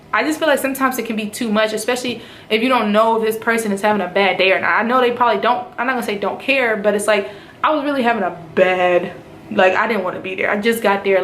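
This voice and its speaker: A woman from North Carolina shares her experience in a casual vlog, speaking at a middle pitch. She retells events in an animated way and jumps into voices when she quotes others. The room adds a noticeable echo, with faint noise underneath. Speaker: nurse in officer training.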